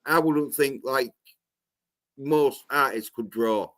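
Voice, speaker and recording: This is a man who runs a loose livestream panel. He talks bluntly and scornfully and swears in nearly every sentence. His voice sits at an ordinary middle pitch. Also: slow pace, a bit bright. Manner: profane, blunt and mocking. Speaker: livestream host. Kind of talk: casual panel chat.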